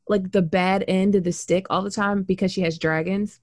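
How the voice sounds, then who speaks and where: A woman talking casually and with animation, blunt and quick to swear. She slips into little acted-out quotes as she goes. The sound is close and dry. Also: medium pitch, fairly even intonation, a little mellow, no room sound. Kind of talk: casual book discussion.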